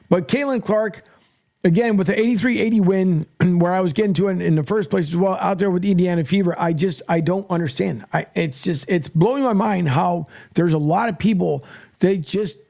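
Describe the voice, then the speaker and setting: High raspy-fry guy chatting sports on the radio, rambles and trips over his words. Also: darkish tone. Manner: rambling, stammers and restarts, chatty. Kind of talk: casual sports talk monologue.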